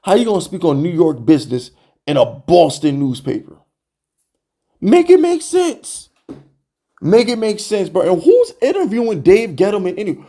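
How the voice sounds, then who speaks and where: A young man hosting a sports fan channel, ranting to camera in an exasperated, animated way, full of rhetorical questions and repeated jabs. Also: high-pitched. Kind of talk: heated fan rant to camera.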